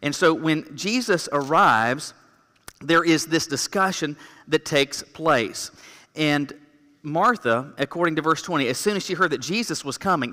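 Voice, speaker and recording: A man's voice: a little high, sharp tone. A man preaching a sermon as pastor, explaining scripture in a conversational way with everyday examples. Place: church sanctuary. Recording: long church reverb.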